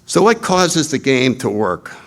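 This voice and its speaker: A man speaking at a recovery retreat, telling a story in an animated way, laughing at his own jokes and acting out voices. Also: medium pitch, measured pace, a little hiss or hum. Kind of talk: storytelling talk.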